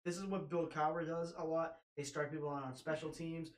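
A man's voice: a little high, steady tone, brisk, echoey room, low-quality recording. A young man co-hosting a casual sports podcast, giving opinionated, teasing analysis. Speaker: podcast co-host.

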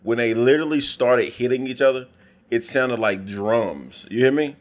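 A man's voice: mid-range voice, normal speed. A young man in casual chat, retelling events emphatically with slang and drawing out his words. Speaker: witness.

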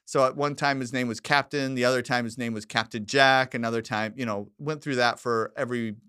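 A man's voice: medium pitch, steady tone, a little fast, sharp tone, smooth, no room sound, clean studio sound. A middle-aged man co-hosting a podcast, chatting casually and rambling through family stories, acting out what others said. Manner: rambling storyteller, acts out quoted family lines. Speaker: podcast co-host. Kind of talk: casual chat.

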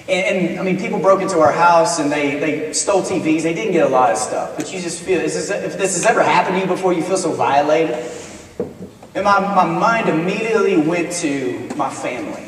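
A man preaching in a conversational, storytelling way, earnest and wry, his voice a little higher than most. He is picked up from a distance in a chapel, with a long echo trailing his words and a faint hum of the room underneath. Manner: conversational, earnest, with self-deprecating humor. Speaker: minister. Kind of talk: storytelling sermon. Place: college chapel. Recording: echoey chapel from far off.

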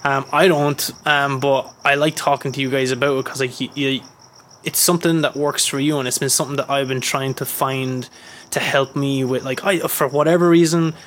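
A man's voice: mid-range voice, moderate pace. Swearing man hosting a podcast. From Ireland. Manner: swearing, animated storytelling with put-on quotes. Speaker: podcast host. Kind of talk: casual chat.

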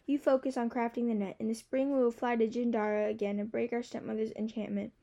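Woman narrator doing a measured, subdued brother, slow and quiet, mellow tone. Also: a little high, little pitch movement, close to an everyday voice. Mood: grave.

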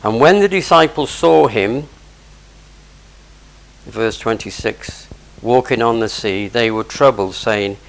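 Gravelly-voiced male preacher. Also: medium pitch, takes it slowly, pauses often, poor audio. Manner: explains verse by verse, conversational asides. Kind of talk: sermon on scripture.

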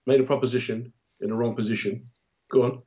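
A man's voice: medium pitch, fairly even intonation, a little fast, darkish tone, highs cut off. A middle-aged man, co-hosting a casual chat, blunt and joking, often putting on voices to act out other people. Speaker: podcast co-host.

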